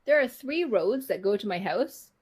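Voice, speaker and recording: A woman co-hosting a podcast in casual chat, telling stories with animated quotes. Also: medium pitch, moderate pace, slightly rough. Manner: animated storytelling, acts out her own quotes. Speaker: podcast co-host.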